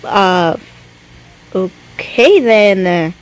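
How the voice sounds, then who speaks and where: This woman's medium-pitched voice is expressive but very slow, captured in a low-quality recording with a bit of hiss or hum. A YouTuber commentating her own horror playthrough, she mutters to herself, startles easily, curses often, and her hands shake with fear.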